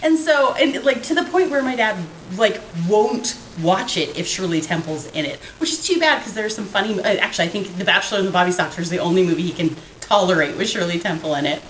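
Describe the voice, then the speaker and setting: Lively, laughing woman podcast host. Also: mid-range voice, fast, few pauses, reverberant, a little hiss or hum, rough recording. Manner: animated ranting, laughs often. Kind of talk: casual film-review chat.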